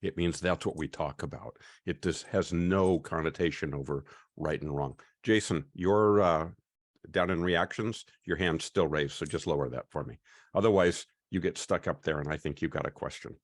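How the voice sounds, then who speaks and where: A man's voice: extremely low pitch, dry recording, studio quality. A man hosting an online class over a video call, chatty and welcoming. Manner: chatty, welcoming, often pauses with "uh".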